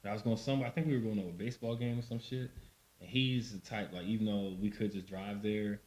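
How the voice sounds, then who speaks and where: A man co-hosting a casual podcast chat, telling stories and acting out what people said. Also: fast talker. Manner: animated storyteller, acts out voices with big pitch jumps. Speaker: podcast co-host. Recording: roomy echo.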